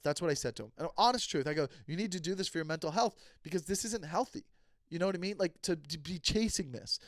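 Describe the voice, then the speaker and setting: A man with a high voice tells a story on his podcast as a heated, profane rant. He switches between himself and the people in the story, and the sound is close and dry. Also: no room sound. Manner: acts out both sides of conversations. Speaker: comedian and podcast host. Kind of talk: casual storytelling monologue.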